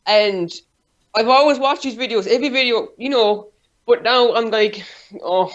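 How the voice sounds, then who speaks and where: Irish man on a dull Skype line. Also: extremely high pitch. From Ireland. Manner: rambling, quick, profane. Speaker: caller. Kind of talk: casual chat. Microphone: Skype call.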